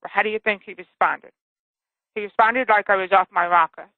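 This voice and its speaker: A woman author tells her story over the phone in an earnest, involved way. Her pitch sits in the middle, and the line is tinny and dry. She keeps checking in with the listener as she goes. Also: a little fast, no room sound. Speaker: author and guest. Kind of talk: phone interview, personal story. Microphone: telephone.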